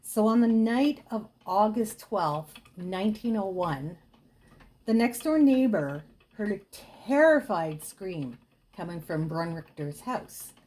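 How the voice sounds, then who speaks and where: A woman casually telling a gruesome true ghost story, dropping to a hush for the grisly details. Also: medium pitch, expressive, takes it slowly. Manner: chatty with dramatic hushed dips.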